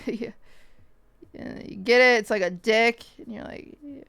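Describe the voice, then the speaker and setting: A woman streamer telling a story to her chat in a casual, animated way, swearing often and acting out the voices of people she quotes, with hiccups. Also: on the high side, measured pace, gravelly, dry recording.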